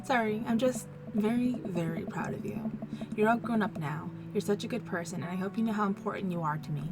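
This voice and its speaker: Dating-game dad voiced plainly by a woman: warm, fatherly, over soft game music. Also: medium pitch, rapid-fire, close to an everyday voice. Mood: gentle fatherly. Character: gentle doting middle-aged single dad. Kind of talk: reading game dialogue aloud.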